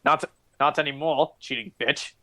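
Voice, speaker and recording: A man voicing a gruff male mercenary leader in a tabletop role-play, talking curtly with quick restarts. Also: a little high, fairly even intonation, bright, forceful tone. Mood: blunt. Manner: blunt, curt, stammering restarts.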